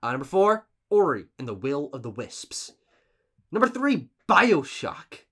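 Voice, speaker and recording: A man chatting as co-host of a casual podcast, his voice bright and full of swings in pitch. He stresses words emphatically and restarts his sentences often. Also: unhurried. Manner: emphatic, animated list-giving with restarts.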